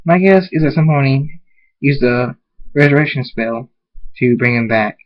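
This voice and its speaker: A man's voice: medium pitch, moderate pace, close to an everyday voice. A man reading the lines of an earnest young female unicorn pony in his own voice. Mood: urgent. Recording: muffled lo-fi recording.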